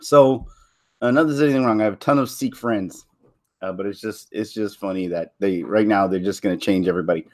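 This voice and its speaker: A man's voice: fairly low pitch, brisk, a little mellow. A man from Canada rambling through casual solo commentary, chuckling and restarting his sentences often. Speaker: vlogger.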